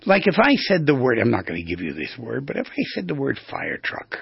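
Gravelly, very husky male radio host. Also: medium pitch, brisk, dry recording, lo-fi sound. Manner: animated, demonstrates vocal tones, rambling with restarts. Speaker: radio talk show host. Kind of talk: instructive radio talk.

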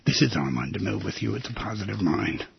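A man hosting a radio talk show from a studio, telling a personal story in an emphatic, intimate way that swings between loud and hushed. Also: lowish voice, lively intonation, quick pace, gravelly, lo-fi sound, slight background noise.

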